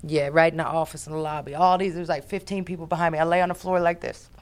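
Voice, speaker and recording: Lower-voiced american lady telling a wild story on a podcast, brash and sweary. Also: quick pace. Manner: brash, profane, animated storyteller. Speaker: guest, business founder.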